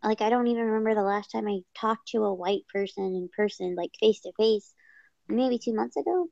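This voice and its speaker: A woman's voice: medium pitch, a little fast, gravelly, warm tone, no echo, lo-fi sound. A woman chatting casually, rambling and often restarting her sentences. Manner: rambling, self-correcting. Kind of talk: casual chat.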